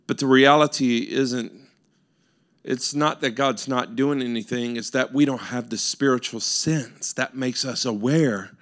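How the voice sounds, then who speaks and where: A man's voice: medium pitch, a bit bright. A male pastor preaching a sermon, earnest and building with repeated rhetorical questions.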